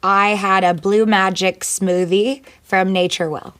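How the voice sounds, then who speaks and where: A woman, a singer and actor, answering interview questions in a chatty, playful way and firing off quick one-word replies. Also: mid-range voice, steady tone, fairly bright tone.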